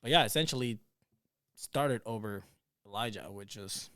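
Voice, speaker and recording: A man co-hosting a casual soccer podcast, giving relaxed, conversational analysis. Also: lowish voice, normal speed, clear, resonant tone, no room sound, studio quality. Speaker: podcast co-host. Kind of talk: casual sports podcast chat.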